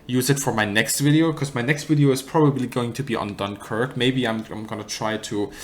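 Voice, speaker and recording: A man's voice: medium pitch, steady tone, a little fast. A man with a German accent casually answering chat questions on a live stream, rambling and correcting himself with dry humour. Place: apartment.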